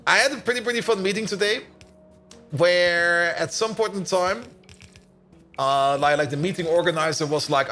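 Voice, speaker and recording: A man's voice: fairly high pitch, normal speed, fairly bright tone, faint music behind. A tired man streaming a factory-building game, chatting and rambling as he plays, with frequent laughs and casual swearing. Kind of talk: casual gameplay commentary.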